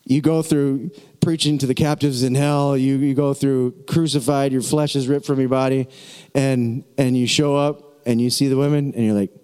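A man preaching a sermon as a pastor, excitable and jokey, breaking into laughs and conversational asides. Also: mid-range voice, normal speed, clean tone, in a large hall.

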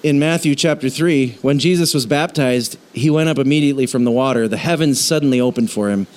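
A man preaching a sermon in a lively, conversational way, joking and asking the congregation questions. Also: mid-range voice, brisk. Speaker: pastor.

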